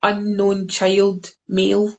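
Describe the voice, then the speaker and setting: A woman's voice: mid-range voice, monotone, slow pace, poor audio. A Scottish woman being interviewed over a video call, telling a story in a rambling way with many fillers and restarts. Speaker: guest, deck creator.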